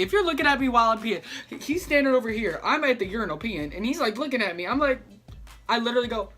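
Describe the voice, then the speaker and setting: Sassy, bright-voiced young man telling a story. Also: extremely high pitch, expressive, quick pace, soft background music. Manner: sassy, dramatic, acts out the people in the story. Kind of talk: casual storytime vlog.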